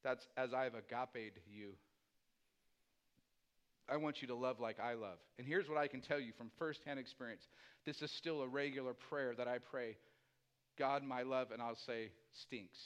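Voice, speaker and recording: A man preaching a sermon as pastor, swinging from hushed, low asides to loud, climbing emphasis. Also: steady tone, normal speed, clear, resonant tone.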